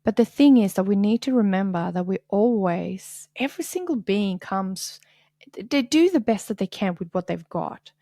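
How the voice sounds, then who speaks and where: Earnest woman podcast host, candid monologue, some vocal fry, dry close recording. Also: mid-range voice, animated, moderate pace, no room sound. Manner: earnest, confessional, dips to soft whispers.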